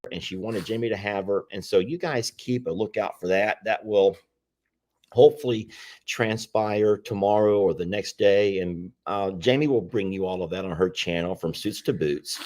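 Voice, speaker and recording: A man's voice: on the low side, a little mellow. A man hosting a casual livestream chat about his animal sanctuary, talking in a rambling, repetitive way. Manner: rambling, chatty, repeats himself.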